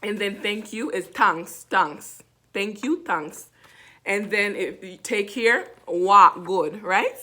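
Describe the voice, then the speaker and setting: A woman with a Jamaican accent teaching everyday phrases in a relaxed video lesson. She says each word slowly and more than once, with plenty of "um" and "you know". Her pitch sits in the middle. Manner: repeats words slowly, many fillers. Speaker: language teacher vlogger. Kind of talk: casual language lesson.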